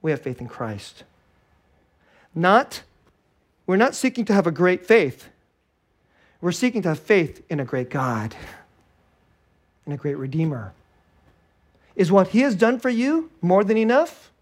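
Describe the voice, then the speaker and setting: A male pastor preaching a sermon in an animated way, acting out little scenes and laughing often. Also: sits high, a little slow, long pauses. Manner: animated, acts out scared and joyful voices, laughs often.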